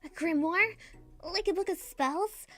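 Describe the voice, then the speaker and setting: Girl doing a jumpy young friend, way high and fretting, soft music behind. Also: unhurried. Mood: fretful. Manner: high, fretful and excited.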